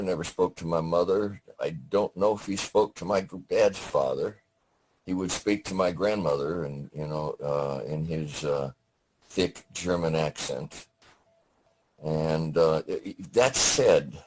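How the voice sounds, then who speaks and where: An older man from Detroit, a Vietnam veteran guest, recalls his childhood slowly over a remote call, pausing often with fillers. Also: deep voice, slight background noise, rough recording. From Detroit, Michigan. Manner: slow, halting recollection with many pauses and fillers. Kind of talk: storytelling interview. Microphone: remote audio call.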